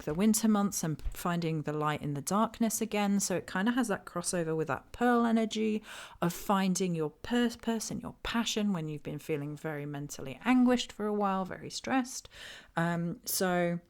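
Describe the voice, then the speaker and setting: Woman, host, slideshow voice-over, gentle chatty delivery, fond asides to viewers, somewhat low voice. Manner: gentle and chatty with many ums, addresses viewers fondly. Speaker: witchcraft channel host.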